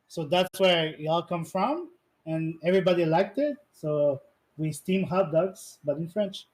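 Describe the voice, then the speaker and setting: Higher-voiced man, casual interview answers. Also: normal speed, darkish tone, low-quality recording. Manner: rambling, searches for English words. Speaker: esports player being interviewed.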